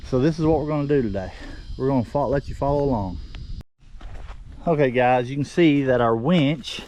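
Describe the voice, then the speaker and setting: An older man from southern Oklahoma vlogs outdoors in the woods, walking viewers through a job in a casual how-to style. His mid-range voice is darkish and moves at normal speed, and he sounds out of breath. He's folksy and rambling, repeating himself, with a little hiss or hum in the background.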